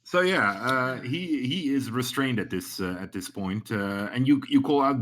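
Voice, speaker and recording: A man running a tabletop game as game master, talking casually with many pauses and restarts. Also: mid-range voice, fairly bright tone. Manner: hesitant, many ums and restarts.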